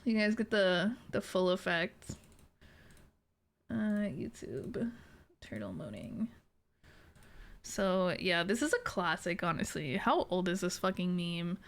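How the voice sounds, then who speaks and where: A woman's voice: fairly low pitch, unhurried. A woman in her late twenties, a streamer chatting casually with her chat, giggly and swearing freely. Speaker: VTuber streamer.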